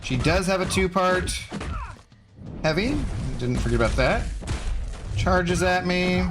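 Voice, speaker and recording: Man, slightly high voice, relaxed gaming streamer reading chat, faint music behind. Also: slow. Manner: laid-back, chatty, greets viewers by name. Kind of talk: casual live-stream chat while gaming.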